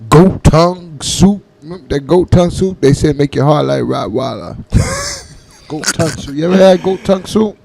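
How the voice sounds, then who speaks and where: A man's voice: on the high side, wildly swooping pitch, moderate pace, creaky, a little mellow, slight background noise. A man co-hosting a comedy radio show, telling teasing, profane stories in casual banter. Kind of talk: joking banter.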